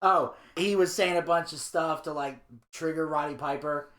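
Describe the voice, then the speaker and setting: A man co-hosting a podcast, casually recapping a documentary and telling stories with lively impressions. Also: on the high side, normal speed, reverberant. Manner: animated storyteller, slips into impressions. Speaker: podcast co-host. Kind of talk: casual review chat, reading episode notes.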